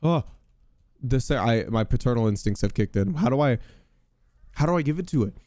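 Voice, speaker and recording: A young man hosting a podcast, giving loud, excitable gaming commentary with casual swearing. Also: medium pitch, moderate pace, dry recording. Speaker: podcast host.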